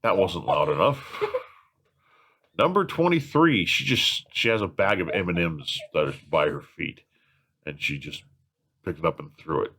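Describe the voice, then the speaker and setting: A man's voice: sits low, a bit bright. A man hosting a casual question-and-answer chat, rambling through long explanations with chuckles. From California. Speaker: host.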